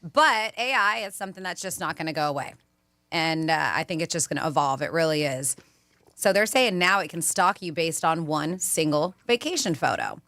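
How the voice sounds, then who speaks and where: A female radio co-host with a lowish but bright, sharp-edged voice. She talks casually on air, walking through news items and listener messages. The studio sound is close and dry. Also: animated, normal speed, no room sound. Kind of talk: casual talk radio banter. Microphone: studio microphone.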